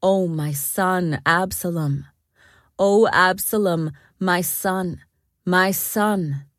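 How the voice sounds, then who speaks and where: A woman voicing a grieving old king who mourns his son in a slow, drawn-out lament. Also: lowish voice, fairly bright tone, no room sound, studio quality.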